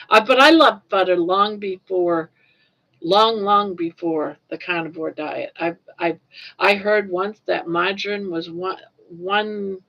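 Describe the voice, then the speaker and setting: An older woman from Maine rambles through a casual livestream chat, repeating words as she goes. Her voice is lowish and a bit bright, with vocal fry, and the livestream audio is dull and lo-fi.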